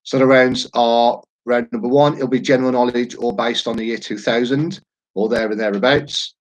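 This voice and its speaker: A man's voice: mid-range voice, fairly even intonation, moderate pace, poor audio. A man, hosting a quiz live from home in a chatty, jokey, rambling way. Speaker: quiz host. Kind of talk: casual live-stream chat.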